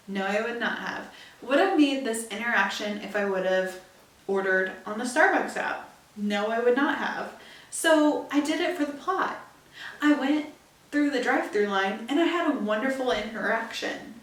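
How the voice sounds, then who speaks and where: A young woman podcast host telling a story in a chatty, animated way, with emphatic asides. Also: on the high side, normal speed. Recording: echoey room, distant from mic.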